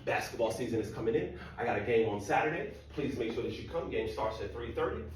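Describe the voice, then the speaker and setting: A man's voice: mid-range voice, lively intonation, fast talker, slight background noise. A man telling a funny, self-mocking story to an audience and talking to the crowd directly. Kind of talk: humorous storytelling talk. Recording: echoey hall from far off.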